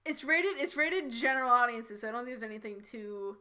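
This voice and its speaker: A young woman riffing on a fan fiction with a friend, giggly and sarcastic. Her voice is bright and a little high, and she rambles, restarting her sentences as she reacts. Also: animated, brisk. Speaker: podcast co-host. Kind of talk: casual comedic fanfic reading.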